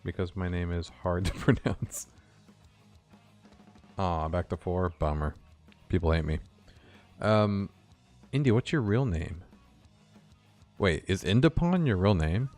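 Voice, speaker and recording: A young man from California chatting casually with his viewers while he codes, quick to laugh. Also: low-pitched, lively intonation, a little mellow, faint music behind. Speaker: game developer streaming. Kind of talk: casual live-stream chat while coding.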